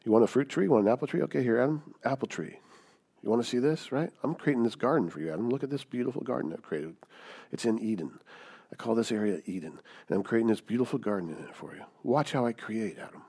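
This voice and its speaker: Brief: man doing a boastful, hushed creator God in a retold sermon story. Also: medium pitch, expressive, quick pace, breathy edge. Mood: proud, gentle.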